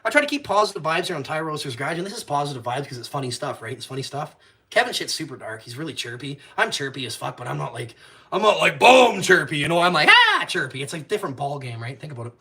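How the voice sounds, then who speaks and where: A man hosting a live stream, talking bluntly and with heavy swearing, jumping from loud outbursts to low muttered asides. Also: animated, rapid-fire. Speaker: YouTube channel host. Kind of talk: profane live-stream rant.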